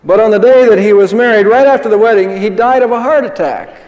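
A man's voice: high-pitched, fast talker, darkish tone, muffled recording. An older man preaching a sermon as pastor, conversational, asking the congregation rhetorical questions. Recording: long reverb of a large hall.

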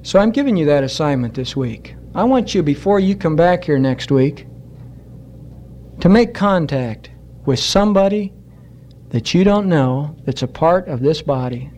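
High-voiced earnest preacher man. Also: animated, a little mellow, slight background noise. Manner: earnest exhorting preacher, slows for emphasis. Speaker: pastor. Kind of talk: sermon. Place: church.

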